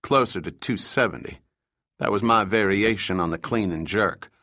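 A man voicing a calm, dry-humored male operative in an audiobook. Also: on the low side, normal speed, dry recording. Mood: deadpan.

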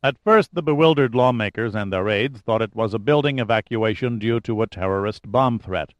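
Measured male audiobook narrator, dry sound. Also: mid-range voice, no room sound. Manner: measured, steady reading.

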